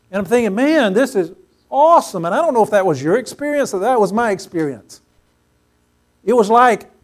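High-voiced preaching man, emphatic. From Pacific Northwest US. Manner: emphatic, repeats phrases for stress, swells loud on key words. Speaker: pastor. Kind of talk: sermon. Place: church sanctuary before a congregation.

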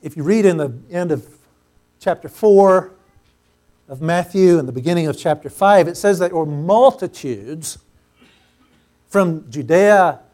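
A pastor with a notably high voice delivers a sermon to his congregation. He leans on repetition, growing loud and emphatic on key phrases before dropping back down. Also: a little slow, long pauses. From Pacific Northwest US. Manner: emphatic, repeats phrases for stress, swells loud on key words. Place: church sanctuary before a congregation.

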